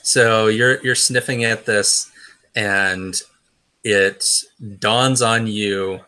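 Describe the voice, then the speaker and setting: A man's voice: lowish voice, fairly even intonation, drawn-out words, pushed and bright, smooth. A man narrating a tabletop role-playing game as game master, in a hesitant way with many fillers and restarts.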